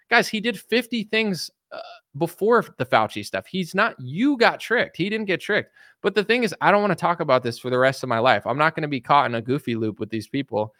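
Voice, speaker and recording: Casting note: male commentator, sarcastic and blunt, lively up-and-down delivery, dry close sound. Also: fairly high pitch, no echo. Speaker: political commentator. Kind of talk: casual opinion rant.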